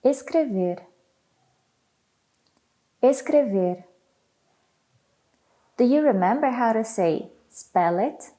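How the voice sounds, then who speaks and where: Woman, language teacher, unhurried delivery, repeats phrases twice, soft warm tone. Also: fairly high pitch, lively intonation. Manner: repeats each phrase slowly twice for learners. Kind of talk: slow, clear language lesson.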